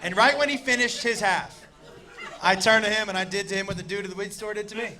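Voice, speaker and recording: A man's voice: high voice, quick pace, pushed and bright. A male stand-up comedian telling a story on a club stage, with a brash, profane and punchy delivery. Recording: live club set with audience laughter.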